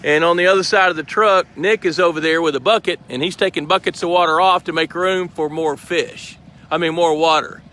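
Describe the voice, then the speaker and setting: A man hosts a lakeside live stream at a fish truck, filming on a handheld phone camera as he walks. His voice is a little high, steady, and sharp, and he speaks briskly in a chatty, explanatory way.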